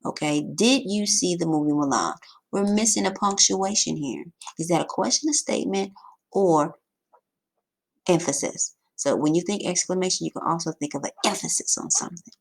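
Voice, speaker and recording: Lady teacher going over grammar slides, gravelly husky voice, kinda low, punches words hard. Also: normal speed. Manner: lively, emphatic teacherly delivery with sudden pitch jumps.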